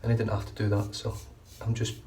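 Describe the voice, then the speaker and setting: Fast and completely flat, his warm, fairly low voice carries a rambling, casual commentary as he shaves his head, often restarting his sentences. The speaker is a shaving vlogger, recorded from a distant mic with faint background noise.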